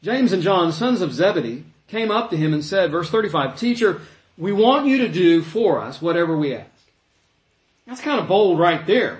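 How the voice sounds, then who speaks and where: A man preaching a sermon in an animated way, acting out the voices he quotes. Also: high-pitched, normal speed. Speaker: pastor. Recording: echoey room.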